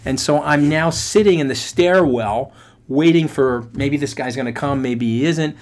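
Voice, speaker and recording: A middle-aged man with a mid-range voice hosts a podcast at a moderate pace. He delivers a motivational story in an animated, emphatic way, speaking right to listeners.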